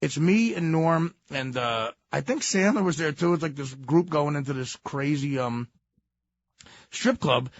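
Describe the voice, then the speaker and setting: A man co-hosting a radio talk show, telling stories in a casual, animated way and laughing as he goes. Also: on the high side, unhurried, muffled recording, slight background noise. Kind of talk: casual storytelling.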